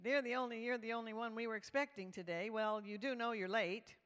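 Woman playing an eager young youth leader, high and loud, echoing in a hall. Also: fairly even intonation, a little fast, natural voice. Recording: reverberant hall.

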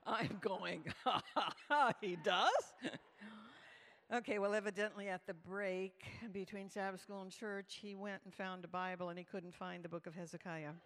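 A woman telling a humorous story to a live audience at a church event, animated and lively. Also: mid-range voice, normal speed, few pauses. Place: large hall with live audience. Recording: reverberant hall.

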